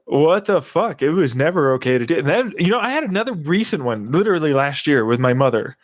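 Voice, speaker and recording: A man's voice: on the high side, sing-song, brisk, no echo. A man venting in a rambling, agitated personal monologue, swearing often and circling back over the same points. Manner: agitated, profane, repeating himself. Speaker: vlogger.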